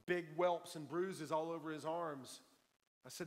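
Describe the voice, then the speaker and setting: A man's voice: on the high side, steady tone, measured pace. Emphatic male preacher in reverberant church. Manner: storytelling, emphatic, repeats key lines. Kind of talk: sermon. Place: church sanctuary. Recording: long hall reverb from a church.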